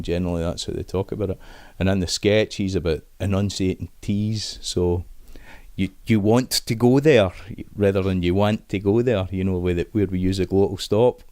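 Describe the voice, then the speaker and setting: A Scottish man with a low voice talks in a loose, chatty way, restarting sentences often. The sound is dry and close. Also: darkish tone, smooth, dry recording. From Scotland. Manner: chatty, many restarts and fillers, dialect words like aye and wee. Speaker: Scots language expert guest. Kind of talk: casual interview talk.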